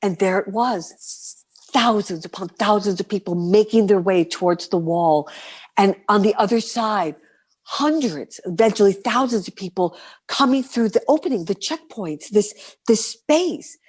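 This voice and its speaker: A middle-aged woman from New City, a guest performer telling her stories in an interview, lively and vivid, sometimes dropping to a whisper. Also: medium pitch, measured pace, husky. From New York City. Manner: animated, vivid storyteller, breaks into soft whispers. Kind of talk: storytelling interview.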